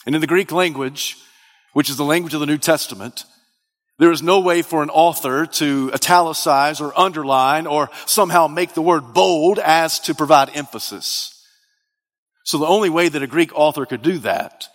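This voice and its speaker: Preacher, male, bright high register; dynamic sermon delivery in a reverberant sanctuary. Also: moderate pace. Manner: dynamic preaching, rising to emphatic sung-out peaks. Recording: long reverb of a large hall.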